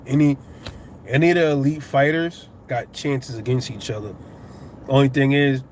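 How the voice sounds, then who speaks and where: A man's voice: mid-range voice, steady tone, normal speed, darkish tone, a little hiss or hum. A middle-aged man with a New York accent, giving loose, profane boxing commentary on his channel, rambling and getting heated. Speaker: boxing YouTuber. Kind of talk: casual fight commentary.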